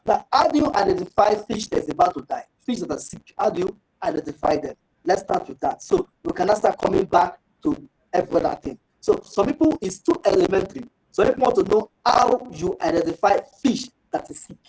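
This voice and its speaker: A man giving a fish farming training talk, lively and rhetorical, acting out little dialogues. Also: high voice, brisk, rough recording.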